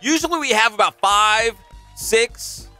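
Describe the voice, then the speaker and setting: A man hosting a sports radio show, chatting in an animated, jokey way from the studio. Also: high voice, unhurried, soft background music. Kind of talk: casual sports radio chat.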